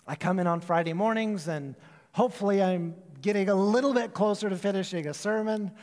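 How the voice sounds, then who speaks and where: Male pastor, high voice, preaching in a church with long hall reverb, chatty storyteller. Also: a little mellow. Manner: storytelling, conversational with quick asides. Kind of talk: sermon.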